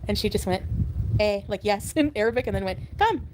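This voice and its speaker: Chatty woman, quick delivery, telling an anecdote over slight background noise. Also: mid-range voice. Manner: chatty, laughs while telling a story. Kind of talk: casual storytelling on a stream.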